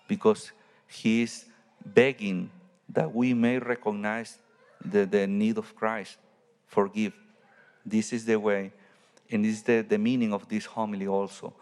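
Priest giving a homily, halting non-native English, lowish man's voice, long church reverb. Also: vocal fry, a little mellow. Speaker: Catholic priest.

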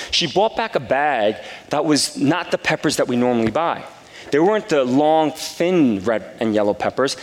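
A man preaching a sermon as a pastor, telling a personal story with animated, acted-out dialogue in a loud voice. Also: mid-range voice. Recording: long hall reverb.

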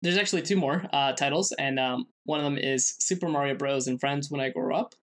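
A podcast co-host with a middle-pitched, fairly bright voice presents the segment he researched for a casual show. His delivery is halting, relying on fillers and frequent sentence restarts.

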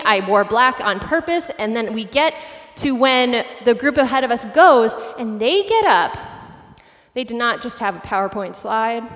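A young woman pastor in her late twenties, telling personal stories in a sermon with an animated, self-deprecating delivery. Her voice sits fairly high. It rings out with the long reverb of a large hall.

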